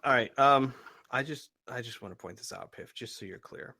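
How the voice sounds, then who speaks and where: A man running a tabletop game in a relaxed, talkative way. His voice sits at an ordinary mid pitch, and he often breaks into laughter. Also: moderate pace, gravelly, no echo. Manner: casual and chatty, with frequent fillers and laughter. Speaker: game master.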